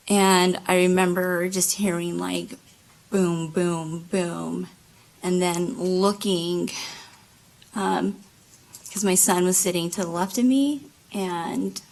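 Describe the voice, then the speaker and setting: A woman giving courtroom testimony as a witness, halting, with many fillers and restarts. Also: fairly low pitch, creaky, low-quality recording. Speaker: trial witness. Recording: courtroom microphone.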